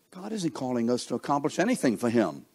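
A man preaches in a loose, conversational sermon style with a slightly husky, breathy voice at an ordinary middle pitch. He keeps turning to his listeners with questions and acts out the inner thoughts of the people he describes. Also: sing-song, moderate pace, a little mellow.

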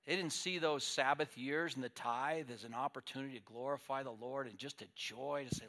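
A male pastor preaching a sermon, swinging between loud declarations and quiet asides. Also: mid-range voice, brisk, few pauses.

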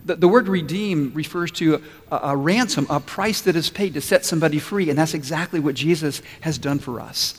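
Male pastor, fairly high voice, earnest storytelling sermon, long church reverb. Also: fairly quick, hardly any pauses. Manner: earnest storytelling preacher, acts out quotes.

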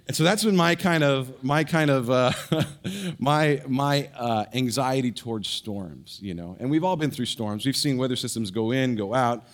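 At a normal speed and in a mid-range voice, a middle-aged pastor preaches a sermon built around a personal story. He's animated, restarting often and using many fillers.

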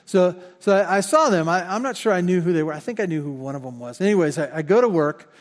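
A man's voice: high-pitched, animated, fast talker. A man preaching a sermon as pastor in a church, talking in a conversational way and often repeating words as he corrects himself. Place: church sanctuary. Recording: long hall reverb.

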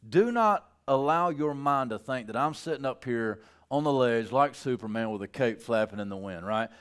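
A man preaching a sermon in a loose, conversational way, acting out characters with playful voices. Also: on the high side. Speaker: pastor.

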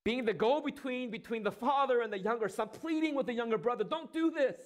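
A man preaching a sermon, asking rhetorical questions, using dramatic pauses and acting out quoted lines. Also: very high-pitched. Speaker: pastor.

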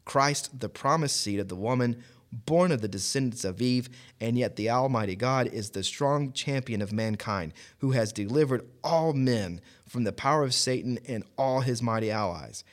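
A man of middle pitch talking in a relaxed podcast about scripture. He laughs easily between points, and when he reads a long commentary aloud he settles into a measured, deliberate delivery. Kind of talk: casual Bible discussion.

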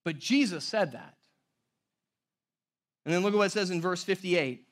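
A male pastor preaching a sermon, emphatic, swinging between loud stress and near-hushed lines. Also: sits high, lively intonation, moderate pace.

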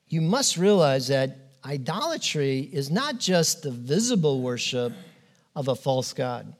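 A man preaching a sermon as pastor, earnest and emphatic, pausing often and restarting phrases. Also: fairly high pitch, sing-song. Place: church.

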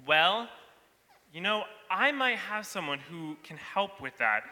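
A man plays an excitable astronaut who bursts out with enthusiasm. His voice is high and very bright. A large hall rings around him. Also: slow, heavily acted. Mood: enthusiastic. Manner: enthusiastic, exclamatory. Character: eager male astronaut, excitable. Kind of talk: live church camp skit. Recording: reverberant hall.

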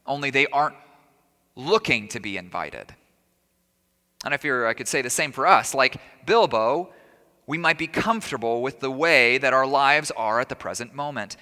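A man's voice: mid-range voice, expressive, normal speed, bright, forceful tone. A man preaching a sermon as a pastor, talking in a conversational way, asking rhetorical questions and adding humorous asides. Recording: long reverb of a large hall.

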